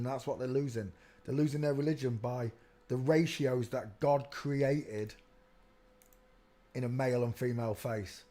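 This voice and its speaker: A man's voice: mid-range voice, normal speed, warm tone. Rambling man hosting a live stream. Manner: rambling, keeps saying "look" while pointing at pictures. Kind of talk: casual live stream commentary.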